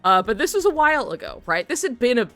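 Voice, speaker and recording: A woman's voice: a little high, sing-song, fast, fairly bright tone, faint music behind. A woman streamer telling a long story to her chat in a rambling way, laughing often and swearing freely.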